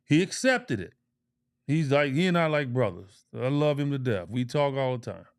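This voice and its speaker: Smooth and mid-range with big swings in pitch, this man speaks at a normal speed. A middle-aged ex-pro basketball player co-hosting a podcast, he tells a story emphatically but casually, with swearing and repeated phrases for emphasis.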